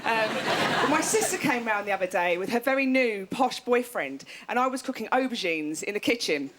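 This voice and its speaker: A woman's voice: fairly high pitch, lively intonation, brisk, very noisy. A woman in her thirties doing a chatty, self-mocking stand-up comedy set on a TV studio stage. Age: 30s.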